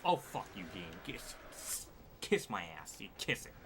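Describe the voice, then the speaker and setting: There's steady background noise as a man with a lowish voice streams a racing game from his desk at home. He talks unhurriedly, though his commentary is packed with exasperated outbursts and swearing.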